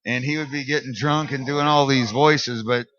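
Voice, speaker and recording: A man's voice: medium pitch, steady tone, normal speed, a bit bright, dull audio. A man co-hosting a casual podcast, telling stories in a rambling, laid-back way. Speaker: podcast co-host. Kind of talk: casual chat.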